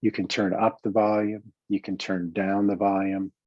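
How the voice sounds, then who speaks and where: A man with a New York accent, a coach talking through self-help exercises in a calm, reflective way with many pauses and restarts. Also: on the low side, no room sound, dull audio. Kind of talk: self-help teaching talk.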